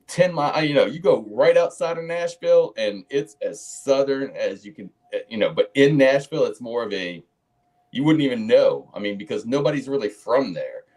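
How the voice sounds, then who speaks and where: A man's voice: mid-range voice, lively intonation, moderate pace, darkish tone. A man in casual chat, giving thoughtful, long explanations in a musing tone.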